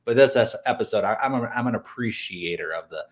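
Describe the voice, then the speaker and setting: A man's voice: fairly low pitch, expressive, fast talker. Man rambling casually on a recap show. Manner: rambling, loose and joking. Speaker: podcast co-host.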